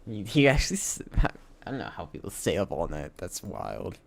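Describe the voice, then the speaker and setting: A man live-streaming his game development, thinking aloud in halting, self-correcting casual talk while sounding sleepy. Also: low voice, wildly swooping pitch, vocal fry. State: sleepy, yawning.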